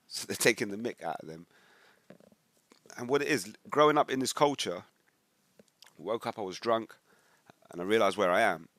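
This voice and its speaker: A man's voice: fairly low pitch, lively intonation, moderate pace, long pauses, fairly bright tone, no room sound. A British man in casual commentary, reading out online comments and then preaching on scripture in a rambling, conversational way with sudden emphatic bursts. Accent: British English. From United Kingdom. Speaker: religious commentator. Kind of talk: casual commentary reading social media posts.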